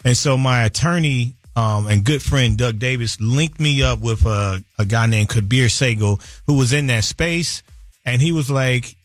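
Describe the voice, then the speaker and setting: A man in his fifties, a guest artist telling stories in a loose, animated way during a radio interview in a studio. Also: medium pitch, unhurried, dry recording. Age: 50s. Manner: loose, animated storytelling with laughs. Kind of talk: casual interview chat.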